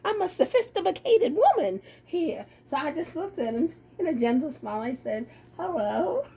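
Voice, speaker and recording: High-voiced woman telling a giggly story. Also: normal speed, a little hiss or hum. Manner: giggly, animated, keeps breaking into laughter. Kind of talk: casual storytelling.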